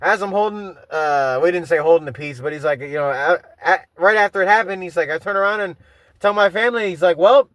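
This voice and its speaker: A man's voice: high voice, fast, fairly bright tone, no echo. A man hosting a podcast, telling rambling, profane stories in a casual monologue full of restarts. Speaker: podcast host.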